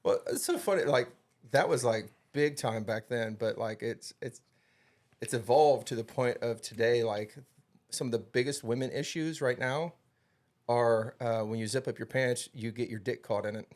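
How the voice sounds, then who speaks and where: A man hosting a casual podcast, rambling through his stories. He steers the talk from one topic to the next. His voice sits at an ordinary middle pitch. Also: normal speed, a little mellow. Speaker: podcast host. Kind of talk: casual chat.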